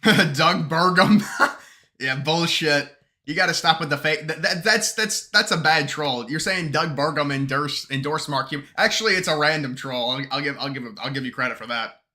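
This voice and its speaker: A man's voice: on the high side, brisk, pushed and bright. A man hosting a casual live stream, reading chat questions aloud and answering them in a mocking tone, laughing often and tripping over his words.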